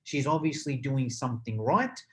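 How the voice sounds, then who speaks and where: A young adult man hosting a podcast interview in an excitable, rambling way with lots of fillers. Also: mid-range voice, moderate pace. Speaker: podcast host. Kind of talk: casual interview chat.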